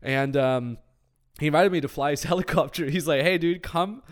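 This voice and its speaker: A man's voice: a little high, brisk. A man hosting a casual podcast as a business coach, telling stories animatedly and acting out what other people said. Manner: animated storytelling with acted quotes.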